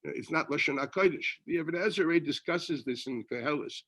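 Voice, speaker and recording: Here a rabbi's Torah lecture moves at a fairly quick pace, his voice fairly high and bright. He keeps things chatty by raising his own questions and responding to them, and he mixes Hebrew and Yiddish terms into his speech.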